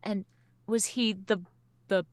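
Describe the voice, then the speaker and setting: A woman plays at a tabletop game table and talks slowly and thoughtfully, musing and restarting her sentences. The sound is dry and close. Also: mid-range voice, fairly even intonation, dry recording. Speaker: player.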